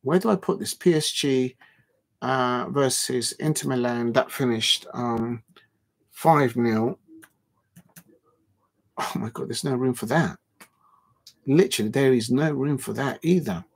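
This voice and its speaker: A man's voice: medium pitch, unhurried, gravelly, pauses often, husky. A man hosting a live football watch-along, bantering with his viewers, rambling with lots of fillers and restarts, and his voice jumps up whenever he protests. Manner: animated football banter, voice jumping up when protesting. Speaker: livestream watch-along host. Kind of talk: casual livestream chat reading out viewer comments.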